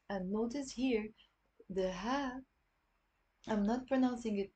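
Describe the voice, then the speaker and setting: A woman with a Lebanese accent giving an online language lesson, patiently repeating words slowly for learners. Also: on the high side, mellow. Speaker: Arabic dialect teacher.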